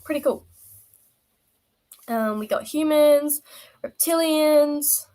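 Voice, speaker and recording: A woman's voice: high-pitched, slow, dark tone, poor audio. Chatty woman streamer, rambling and playful. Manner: rambling, self-interrupting, playful. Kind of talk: casual live-stream chat.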